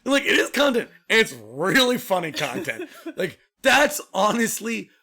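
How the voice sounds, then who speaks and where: A young man co-hosting a podcast, chatting casually. His voice is bright and swings widely in pitch. He tells stories with lots of laughter and acts out other people's lines. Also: a little slow. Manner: animated storyteller who laughs often and acts out quotes. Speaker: podcast co-host. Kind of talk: casual chat.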